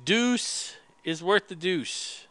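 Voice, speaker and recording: Guy hosting a chill chat show, bright smooth voice, dry close mic, laughs a lot. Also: high voice, animated, very slow, no room sound. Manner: laughs often, reads listener letters. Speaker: podcast host. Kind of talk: casual chat.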